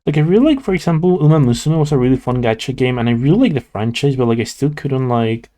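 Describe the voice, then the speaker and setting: A young man streamer talks in a relaxed, mellow voice at a middle pitch. He sounds tired and drowsy, and his casual chat wanders with many fillers and restarts. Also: quick pace. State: sleepy, yawning. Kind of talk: casual chat with live chat while drawing.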